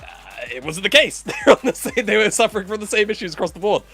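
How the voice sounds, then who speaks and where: A man's voice: sits high, lively intonation, fast talker, a bit bright, soft background music. A man co-casting a live esports broadcast, rambling playfully and often correcting himself mid-thought. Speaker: esports caster. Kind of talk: casual live esports commentary.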